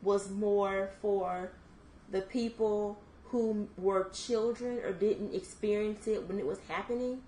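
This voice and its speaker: A woman's voice: mid-range voice, fairly even intonation, takes it slowly, warm tone, slight background noise. Young woman in an echoey room. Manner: thoughtful, lots of fillers. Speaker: podcast co-host. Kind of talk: casual chat.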